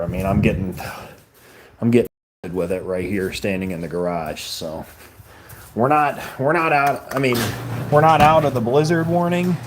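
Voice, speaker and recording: A man's voice: deep voice, darkish tone, slight background noise. A man hosting a casual live stream, chatting loosely with viewers and greeting them by name, often laughing as he talks into a handheld phone.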